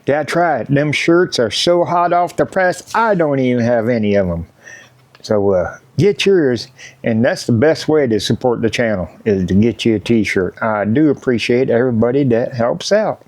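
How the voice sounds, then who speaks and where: A man's voice: medium pitch, lively intonation, moderate pace, a little mellow, no echo. Joking folksy man. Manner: joking, folksy, hypes merch and sponsors. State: feeling unwell. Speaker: motorcycle YouTuber. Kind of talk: casual vlog talk to camera. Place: at home in front of set-up cameras.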